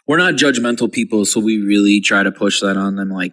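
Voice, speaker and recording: A man's voice: on the low side, brisk, fairly bright tone, recorded from a distance. A man in his thirties, co-hosting a casual podcast chat and rambling through stories with casual swearing. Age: 30s. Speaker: podcast co-host.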